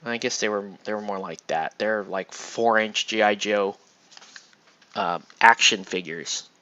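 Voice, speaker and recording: A man's voice: fairly low pitch, unhurried, bright, forceful tone, highs cut off. A man chatting casually as he paints miniatures, rambling and restarting his sentences, with some mild swearing. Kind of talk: casual chat while painting.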